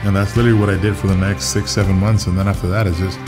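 Young guy, documentary storyteller, low-ish voice, loose and chatty, music bed underneath. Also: level tone, racing. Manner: casual, lots of filler words, acts out quotes. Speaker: interviewee telling his story.

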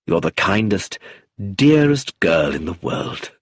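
An earnest, gentle middle-aged husband in a storybook reading, read by a man. He speaks slowly in a low voice. The voice is husky. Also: very animated, dry recording, studio quality, exaggerated voice.

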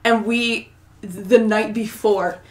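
A woman's voice: medium pitch, steady tone, takes it slowly, recorded from a distance, a crowd in the background. A young woman in her twenties, a guest on a podcast, telling a story in a bubbly, giggly way full of "like" and "oh my God". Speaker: guest singer-songwriter. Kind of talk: casual storytelling in an interview. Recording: roomy echo.

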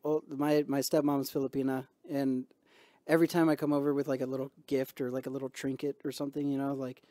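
A man's voice: medium pitch, level tone, quick pace, warm tone, no echo. A man co-hosting a podcast in casual, profane, joking banter. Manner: profane, joking, puts on mocking voices. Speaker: podcast co-host.

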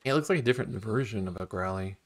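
A man streaming a video game, talking casually and getting excited about each new find. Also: lowish voice, racing. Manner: excitable, gasping and laughing at new discoveries. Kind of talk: casual gameplay commentary.

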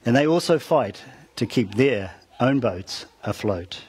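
Husky-voiced man preaching a story sermon. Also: medium pitch, expressive, unhurried, a little mellow. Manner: retells a story with call-outs to the congregation.

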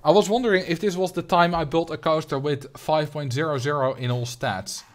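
A young Dutch man with a fairly high, fairly even voice talks a little fast as he plays on a livestream. He rambles loosely, reading his chat aloud and answering it.

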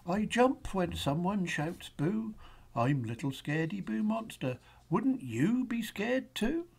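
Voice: sing-song, measured pace, husky, exaggerated voice. A storybook reader voicing a timid little male monster who stammers when afraid. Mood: frightened. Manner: stammering, fearful and squeaky.

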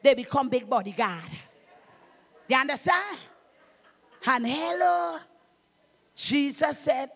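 Preaching with passion, this middle-aged woman pastor from Trinidad calls out to the congregation and bursts into shouts. Her high voice carries lively intonation, and she talks slowly with frequent pauses.

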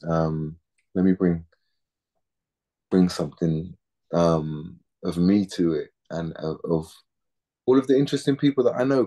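A man's voice: deep voice, measured pace, pauses often, dark tone. A man in his thirties, an actor chatting casually in an interview, laid-back and slangy, often repeating words as he thinks.

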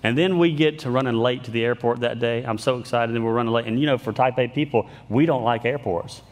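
A man's voice: mid-range voice, quick pace. A man preaching a sermon in a conversational, self-deprecating way, in a church sanctuary. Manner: conversational, self-deprecating humor, frequent restarts. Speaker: pastor. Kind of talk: sermon with storytelling. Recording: long hall reverb.

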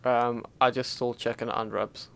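Young Scottish guy, relaxed let's-play co-host, mid pitch. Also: moderate pace, gravelly, slight background noise. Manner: laid-back, joking asides while playing. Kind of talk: casual gaming chat.

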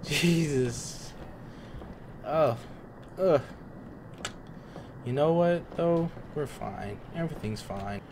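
Young man, gaming commentary, excitable, slangy, clear background hiss. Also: on the high side, slow, pauses often. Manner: excitable, swearing, talks to the screen with slang. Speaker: gaming streamer. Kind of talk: casual horror game commentary.

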